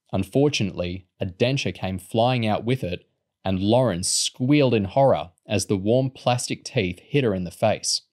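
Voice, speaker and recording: A man narrating a children's novel in a measured, steady reading voice. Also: on the low side. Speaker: audiobook reader. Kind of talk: storybook narration.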